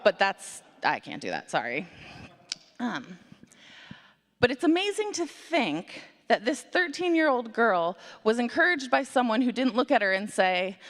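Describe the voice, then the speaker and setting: A woman telling a story to children and the congregation at a worship service, in an animated, conversational way with playful asides. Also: a little high, unhurried. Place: church sanctuary. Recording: long hall reverb.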